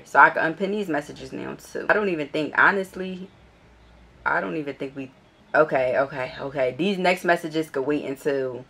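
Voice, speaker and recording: A young vlogger from Philadelphia tells a casual storytime, reading out old messages in a blunt, profane way. Her voice gets more animated and climbs higher whenever she's annoyed.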